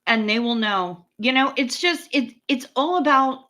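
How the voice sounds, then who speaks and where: Speaking at a measured pace, this American livestream host in her forties has a high, bright, forceful voice with lively intonation. She talks casually through her streaming mic, rambling, cursing freely and replying to chat.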